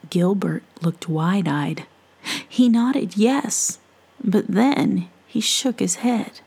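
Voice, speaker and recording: A woman reading a children's story aloud in a soft, half-whispered, playful voice. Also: medium pitch, animated, extremely slow. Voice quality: breathy, soft, playful with made-up words.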